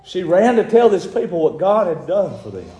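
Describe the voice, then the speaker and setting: A preacher delivers an impassioned sermon in a very high voice, often rising to shouts. He sounds as though he is in an echoey room. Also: big pitch swings, moderate pace.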